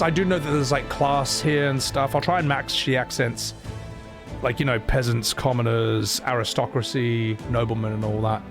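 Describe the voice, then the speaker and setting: A young man giving chatty, swearing let's-play commentary while talking to his chat. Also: mid-range voice. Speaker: streamer. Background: game music.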